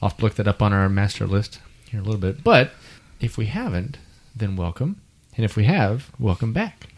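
A man's voice: fairly low pitch, expressive, brisk. A man hosting a casual beer-tasting chat, explaining each beer at length. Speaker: beer podcast host.

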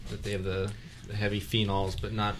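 A man's voice: on the low side, completely flat delivery, brisk, a little hiss or hum. A man co-hosting a casual beer-tasting podcast, easygoing and jokey, trailing off with fillers. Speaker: podcast co-host.

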